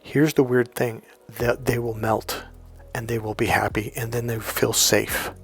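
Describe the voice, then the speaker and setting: Man, dating coach, profane and emphatic storytelling, mid pitch, soft music behind. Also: flat delivery, unhurried, vocal fry. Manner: profane, emphatic, repeats "here's the deal". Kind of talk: storytelling advice monologue.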